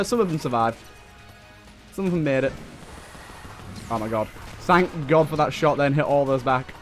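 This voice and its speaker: A young man giving excitable running commentary while playing a video game, talking back to enemies on screen. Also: fairly high pitch. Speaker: let's play host. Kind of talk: gameplay commentary. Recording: faint game music behind.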